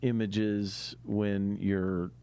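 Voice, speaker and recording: A man's voice: on the low side, level tone, extremely slow, mellow, clean tone. A man co-hosting a podcast, chatting casually and easily, with frequent fillers and laughs. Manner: easygoing, laughs often, many fillers. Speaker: podcast co-host.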